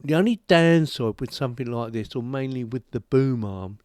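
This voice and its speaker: A man's voice: mid-range voice, animated, normal speed, darkish tone, no echo, studio quality. A man with a British accent giving a chatty, rambling home review of a desk microphone. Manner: chatty, rambling, self-deprecating. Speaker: tech reviewer. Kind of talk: casual product review. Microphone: desk microphone on boom arm.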